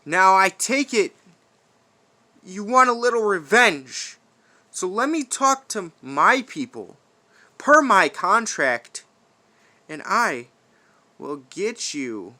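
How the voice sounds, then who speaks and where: A man cutting a menacing, in-character wrestling promo in a high, sharp, tense voice. He drags out his words slowly, taunting and cursing, and swings from loud outbursts to hushed, threatening whispers. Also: very animated. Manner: profane trash talk.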